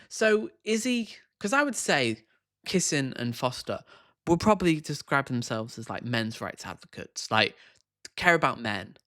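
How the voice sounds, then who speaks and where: A man's voice: on the high side, bright, forceful tone, dry recording, studio quality. Scornful man commenting on clips. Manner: scornful, sarcastic asides. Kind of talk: reaction commentary.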